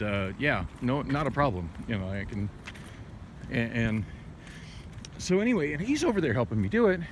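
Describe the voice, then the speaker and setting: Rambling male night-walk vlogger, candid and profane, phone mic, wind and street noise. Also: fairly low pitch. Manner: rambling, many restarts and fillers, candid and profane. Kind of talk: rambling late-night walking vlog. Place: city street at night, outdoors, walking. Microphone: handheld phone. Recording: windy outdoor phone audio.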